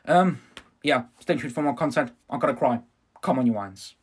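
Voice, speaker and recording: A man ranting in a reaction vlog, swearing and swinging from angry shouts to low, sheepish mumbling. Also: fairly quick, husky. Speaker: fan reaction vlogger.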